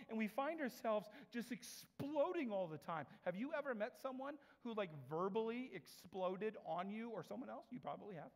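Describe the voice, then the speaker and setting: A man giving an animated storytelling talk with laughing asides. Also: sits high, moderate pace, hardly any pauses, big-room sound. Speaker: speaker.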